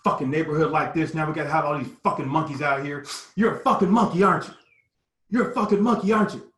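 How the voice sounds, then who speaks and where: A raging grown man with a shotgun barks taunts over and over, pitched high and loud, as a man puts him on in a retelling. His voice sits well above the teller's own, and it rings in an echoey room. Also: fast, far from the mic, natural voice. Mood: angry, taunting. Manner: yelling, hostile, repetitive taunting. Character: enraged armed adult male harasser shouting.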